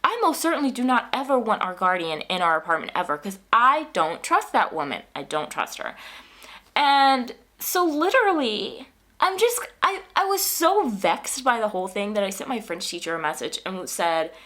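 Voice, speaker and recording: A woman vlogger in casual, animated storytelling, whose voice jumps up when she quotes herself in exasperation. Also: fairly high pitch, moderate pace. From United States.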